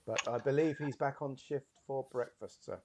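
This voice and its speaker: A man's voice: medium pitch, moderate pace, voice pushed up, lightly acted. A man voicing a tired female hotel receptionist who speaks formally and deferentially. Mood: dutiful. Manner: formal, deferential, says sir.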